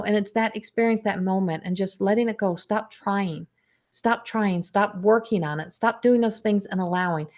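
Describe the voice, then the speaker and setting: Middle-aged woman, intuitive coach on a live stream, calm and unhurried, mid-range voice. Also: medium pitch. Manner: slow, soothing, trailing restarts; animated storytelling with acted quotes. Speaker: intuitive guide and spiritual coach. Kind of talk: live channeled guidance.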